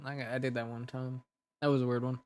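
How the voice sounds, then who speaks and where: A man's voice: medium pitch, level tone, fairly quick, a little mellow, clean tone. A young adult man, an ASMR creator, rambling casually with restarts while chatting on a livestream.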